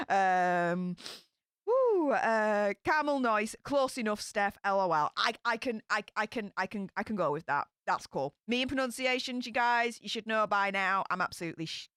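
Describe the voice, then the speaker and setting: A woman's voice: on the high side, no echo, studio quality. A young woman with a Yorkshire accent hosting a casual livestream, chatty and upbeat as she greets viewers and reads their comments. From Yorkshire, England. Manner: upbeat, chatty, bursts of excitement. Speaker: livestream host.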